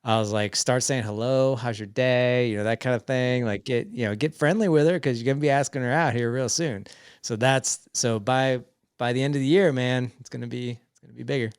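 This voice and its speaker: As an animated podcast guest in his forties, this man chats through casual stories, quoting family dialogue as he goes. His smooth, medium-pitched voice moves fairly quickly. The studio recording is clean, with no echo.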